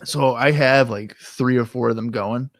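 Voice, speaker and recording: A man's voice: medium pitch, fairly even intonation, unhurried, no room sound, clean studio sound. A young man co-hosting a podcast, telling stories in a rambling, swearing way and acting out quotes from his past. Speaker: podcast co-host. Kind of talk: casual storytelling chat.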